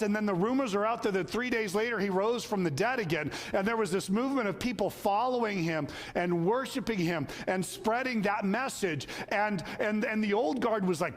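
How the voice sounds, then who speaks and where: A man's voice: sits high, long reverb tail. A male pastor preaching a sermon, telling stories in a conversational way and acting out the quotes. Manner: conversational storytelling with acted quotes.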